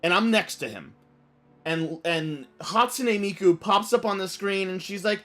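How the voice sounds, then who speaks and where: A man streaming a game, telling a story in an animated, rambling way full of fillers. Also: high-pitched, a little slow. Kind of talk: casual storytelling while playing.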